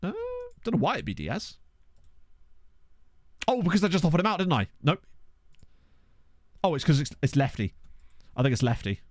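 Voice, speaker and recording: A man's voice: a little high, sing-song, normal speed, pauses often, no room sound, studio quality. A man live-streaming a management game, chatting casually, thinking aloud and swearing now and then. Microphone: desk condenser microphone.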